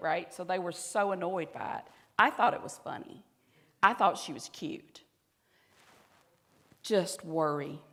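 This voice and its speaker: Her voice fairly low and her accent Southern US, a woman pastor preaches conversationally to the congregation. At moments she drops into soft, intimate tones, and the sound carries the long reverb of a church hall.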